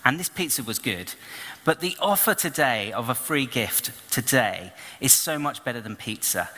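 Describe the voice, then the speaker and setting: A man preaching a storytelling sermon, animated and acting out the people in his story. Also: mid-range voice. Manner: animated storyteller, acts out voices and shouts. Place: church hall. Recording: long reverb of a church hall.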